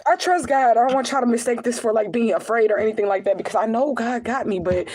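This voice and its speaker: A woman's voice: fairly high pitch, fast, darkish tone, breathy edge, rough recording. A young adult woman speaking straight to her followers in an emotional personal vlog. She talks in a raw, repetitive, profane way and holds back tears as she pleads with her viewers.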